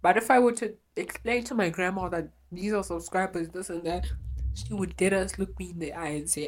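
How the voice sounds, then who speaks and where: A young woman talks alone on her podcast, opening up in a confessional way. Her voice is low for a woman. She speaks bluntly and swears freely. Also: brisk. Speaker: podcast host.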